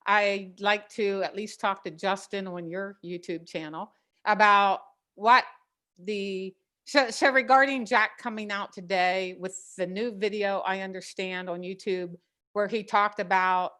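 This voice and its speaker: A woman co-host on a live stream, talking casually and joking in a quick, animated way. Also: medium pitch.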